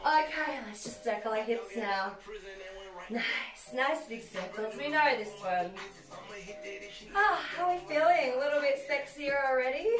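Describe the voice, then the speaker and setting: High-voiced aussie woman running a sassy workout, bit far from the mic, echoey room, loud music behind. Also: expressive, measured pace. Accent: Australian. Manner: sassy, cheeky, bouncy coaching. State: moving while exercising. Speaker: fitness instructor. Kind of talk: comedic workout class livestream.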